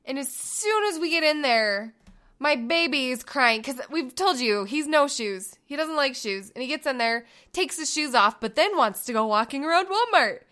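A woman in her thirties, a mother chatting casually with her husband, telling stories in an animated way and acting out quotes. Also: high-pitched, moderate pace. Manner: animated storyteller who acts out quotes and laughs often. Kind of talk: casual chat.

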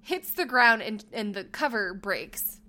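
A woman co-hosting a podcast, telling a story in a casual chat, animated and laughing, acting out the lines she quotes. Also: medium pitch, unhurried. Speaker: podcast co-host.

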